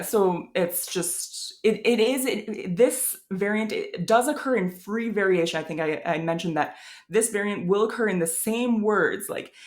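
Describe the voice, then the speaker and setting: A woman with a Midwestern American accent explains pronunciation in an unhurried, casual way, pausing on fillers as she thinks. Her voice sits fairly low for a woman. She demonstrates each sound slowly, laughing lightly now and then. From Wisconsin, USA. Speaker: language teacher.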